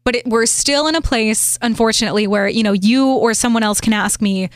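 A woman's voice: on the high side, brisk, dry recording, studio quality. A woman with a radio background, speaking as a podcast guest in an earnest, articulate way. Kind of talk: casual interview chat.

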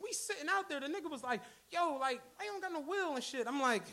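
A man's voice: very high voice, fast, hardly any pauses. A man telling a profane story on stage at a live podcast show, acting out the people in it. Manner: animated, profane, acts out the people in his stories. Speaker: podcast co-host. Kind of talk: live storytelling before an audience. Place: stage of a comedy club.

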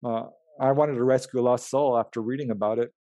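A man's voice: medium pitch, fast talker, no echo, dull audio. A man, a researcher and writer, telling his experiences in an interview, acting out the dialogue with laughs. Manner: animated, acts out quoted dialogue with laughs. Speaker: guest, UFO researcher and writer. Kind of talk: storytelling in an interview.

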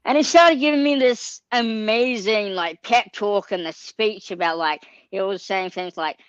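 A woman's voice: mid-range voice, a little slow, clean tone, dry recording. Earnest young woman, fillers galore. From Australia. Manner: earnest, heavy on fillers like um, like and you know. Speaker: actor being interviewed. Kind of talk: casual anecdote telling. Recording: slightly dull lo-fi sound.

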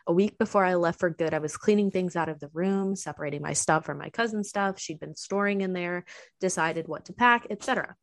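A woman's voice: on the low side, a little fast, no room sound. A young woman streaming, chatting casually and telling a story, swearing and laughing often. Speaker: livestreamer telling stories to chat.

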